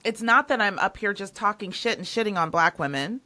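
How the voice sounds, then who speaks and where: Podcast host, woman. Bright, forceful tone, emphatic and conversational. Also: mid-range voice, lively intonation, brisk. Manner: emphatic, repeats herself when stressing a point. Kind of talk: casual interview chat.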